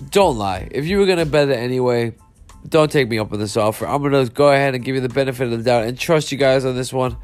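A man with a stuffy nose hosting a sports betting podcast, reacting to a game and apologizing, frustrated and profane. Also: fairly high pitch. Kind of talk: live reaction and apology monologue.

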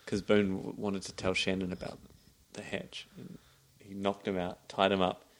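A man's voice: deep voice, completely flat delivery. A man co-hosting a podcast, chatting casually and laughing as he recaps a TV episode. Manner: laughs often, quick back-and-forth banter. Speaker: podcast co-host.

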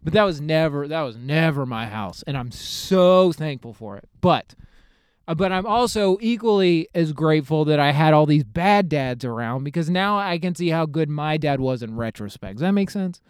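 A young man, telling a comedic story on his podcast in a rambling, profane, animated way. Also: fairly high pitch, normal speed, smooth, dry recording, studio quality. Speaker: podcast host.

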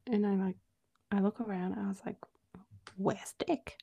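Woman, podcast co-host, casual storytelling, gravelly, mellow dark tone, chatty with lots of "like"s. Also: mid-range voice, flat delivery, a little fast, no room sound. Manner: chatty, many "like"s, acts out quoted dialogue.

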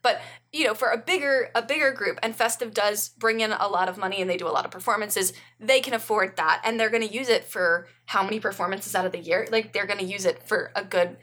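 A woman's voice: medium pitch, fast, hardly any pauses, fairly bright tone. A woman co-hosting a casual chat, enthusiastic and rambling with many restarts. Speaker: podcast co-host.

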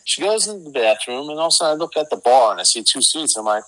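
This middle-aged man talks very fast at a medium pitch, telling a wandering story as an interview guest. The casual retelling is animated and packed with fillers. The audio is poor.

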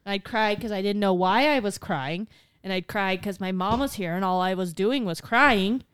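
A woman co-hosting a casual podcast, telling a personal story in an animated way while laughing. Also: medium pitch, normal speed, smooth, no echo, clean studio sound. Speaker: podcast co-host. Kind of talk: casual chat.

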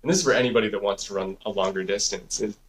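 A man's voice: lowish voice, very fast. A man co-hosting a podcast, telling a story in a rambling, casual way, swearing freely and saying "like" and "dude" a lot. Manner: rambling, profane, heavy use of "like" and "dude". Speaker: podcast co-host.

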